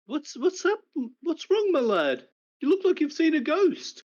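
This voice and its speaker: A man's voice: very high-pitched, big pitch swings, unhurried, a little mellow, pitched above the performer's own voice, full character voice. A man putting on an older uncle with a raised, fatherly voice that frets over his nephew. The recording is dull and lo-fi. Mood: worried. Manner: fatherly, calls the listener lad. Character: older male uncle, worried and tender.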